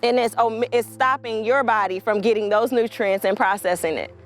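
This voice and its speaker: A woman's voice: on the high side, moderate pace, soft background music. A woman giving a documentary interview, telling stories emphatically with frank asides.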